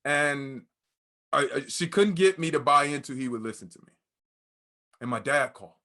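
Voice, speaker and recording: A man's voice: mid-range voice, lively intonation, normal speed, sharp tone. A man speaking as a guest, telling a candid, emotional personal story in conversation and acting out what people said. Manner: candid, emotional, acts out quoted dialogue.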